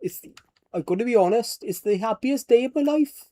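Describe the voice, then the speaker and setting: A man's voice: extremely high pitch, animated, brisk, mellow, voice pushed up. A man putting on a Welsh accent as a happy Welshman who sounds angry. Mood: gruffly happy. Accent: Welsh, put on.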